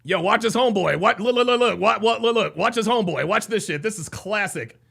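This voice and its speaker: High, gravelly excitable man. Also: brisk. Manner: excitable, mocking, repeats himself. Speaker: livestream host. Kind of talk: live reaction commentary.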